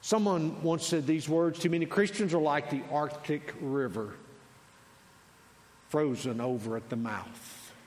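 A male pastor preaching a sermon, swinging between loud declarations and quiet asides. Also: medium pitch. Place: large church sanctuary. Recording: long hall reverb.

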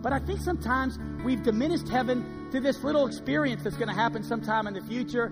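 A middle-aged man preaching a sermon as pastor, dynamic, swinging between hushed and loud delivery. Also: very high-pitched, quick pace, in a large hall, over loud music. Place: church sanctuary.

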